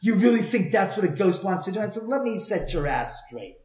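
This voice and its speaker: Man, slightly high voice, swearing and worked up, casual storytelling, echoey room. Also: a little fast. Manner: profane, heated, animated retelling. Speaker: storyteller, homeowner with a haunted house. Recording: roomy echo.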